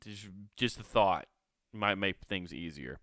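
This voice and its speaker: A man's voice: deep voice, a little slow, bright, forceful tone, clean tone, no echo. A man hosting a solo comedy podcast, ranting in a profane, rambling, incredulous way on a close podcast mic. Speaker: podcast host.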